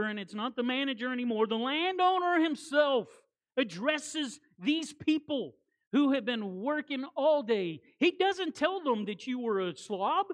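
A woman delivers a sermon as guest preacher, with a high-pitched voice. She is animated and hammers points home through repetition. Folksy, conversational asides break up the preaching.

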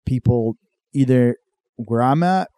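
A laid-back man who swears all the time and talks in a low, mellow, dark tone. The mic sounds close and dry, and he often jumps up into high, mocking impressions. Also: animated, slow pace, no echo. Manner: swears a lot, acts out cholo voices in high bursts. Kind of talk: casual chat with crude humor.

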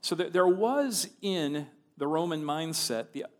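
A man teaching through a Bible passage verse by verse, deliberate and explanatory. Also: a little high, expressive.

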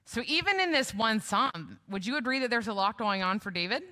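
A woman's voice: fairly high pitch, lively intonation, a little fast, few pauses, sharp tone. A woman preaching a sermon in a conversational way, often asking the congregation questions.

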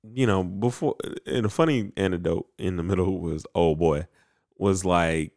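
A man casually recapping an anime episode, animated and acting out the characters in quick voices. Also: low voice. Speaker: podcast co-host recapping an anime. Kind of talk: casual chat.

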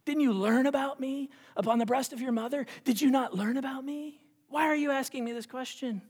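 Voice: high voice, brisk, darkish tone, breathy edge, pitched above the performer's own voice. A preacher playing a stern, scolding God. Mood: indignant. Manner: raised, rebuking questions. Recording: long hall reverb.

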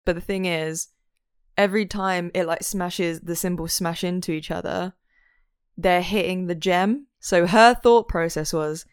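A woman recapping a show in casual chat, animated, swearing freely and laughing often. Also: lowish voice, unhurried, clean tone, no echo, clean studio sound. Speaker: show reviewer.

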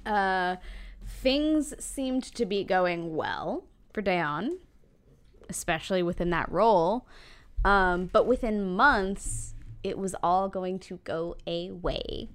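A woman's voice: medium pitch, takes it slowly. A woman casually telling a history story on a podcast, laughing often and swearing freely.

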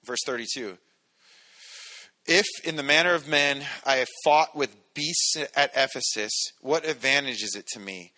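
A man's voice: medium pitch, moderate pace, pushed and bright. A man preaching a sermon as pastor, teaching through a scripture passage in a casual way with joking asides and frequent restarts. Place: church sanctuary.

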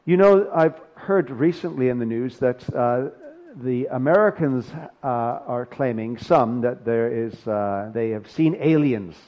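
A male pastor delivers a sermon in a relaxed, conversational way, with dry asides between the scripture readings. His voice sits at an ordinary middle pitch. The recording is dull and somewhat lo-fi. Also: measured pace.

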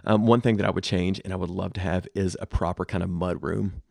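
A man's voice: deep voice, steady tone, brisk, vocal fry, darkish tone, dry recording, clean studio sound. A middle-aged man co-hosting a casual podcast chat, talking straight to listeners with practical home advice. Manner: conversational, advice-giving, addresses listeners directly. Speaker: podcast co-host.

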